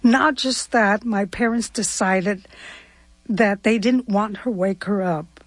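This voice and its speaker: Woman, older, from Cuba, breathy tone, dry close sound, heartfelt, reflective interview guest. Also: medium pitch, takes it slowly, dry recording. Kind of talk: personal storytelling interview.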